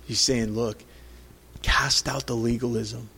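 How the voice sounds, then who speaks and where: Speaking slowly in a steady, pushed, bright voice with a breathy edge, a man gives a conversational sermon. As pastor, he reads scripture aloud, acts out the quotes of the people in the story, and rises in pitch at emphatic moments.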